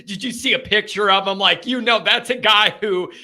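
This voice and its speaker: A man hosting a live fan call-in show, chatting casually in an excitable, rambling way and laughing often. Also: sits high, moderate pace.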